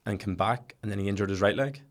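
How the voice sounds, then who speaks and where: A Northern Irish man, a football coach and podcast guest, telling stories in a quick, chatty way. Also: on the low side. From Northern Ireland. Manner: animated storyteller, quick and chatty with frequent laughs. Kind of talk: casual chat, storytelling.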